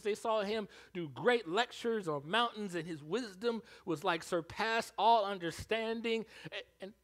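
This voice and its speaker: A man preaching a sermon as pastor, animated, swinging from hushed asides to loud calls. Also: high-pitched.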